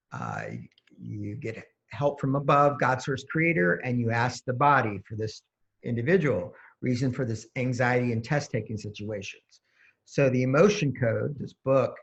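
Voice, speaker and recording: A man's voice: medium pitch, vocal fry. A man, a holistic energy practitioner, explaining his method step by step as an interview guest and acting out exchanges with clients. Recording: dull lo-fi sound.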